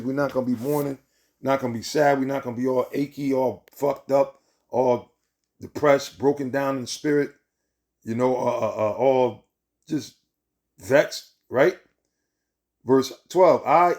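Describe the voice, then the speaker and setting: A man's voice: medium pitch, darkish tone. A man preaching informally from scripture in a heated, profane way, repeating himself and ending lines with "man" and "right?".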